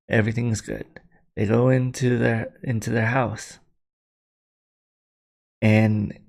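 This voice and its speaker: Gravelly man telling a rambling story. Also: medium pitch. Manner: rambling and conversational. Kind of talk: casual spoken storytelling to camera.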